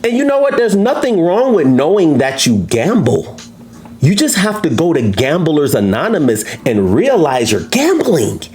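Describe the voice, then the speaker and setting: A man teaching trading to viewers in a live lesson, brash and boastful, challenging his audience and jumping up in pitch for emphasis. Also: moderate pace. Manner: animated, swoops up into high pitch for emphasis.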